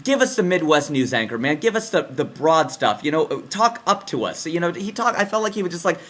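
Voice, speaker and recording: A young man doing a casual, slangy comic commentary monologue, jumping between excited bursts and low deadpan asides. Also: a little fast. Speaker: comedian. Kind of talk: comedic political commentary monologue.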